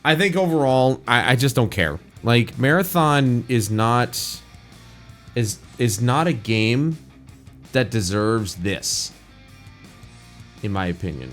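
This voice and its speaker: Young male reaction host, casual rambling commentary, candid, mid-pitched voice, faint music underneath. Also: expressive, slow pace, pauses often, fairly bright tone. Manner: rambling, candid, frequent restarts and filler words.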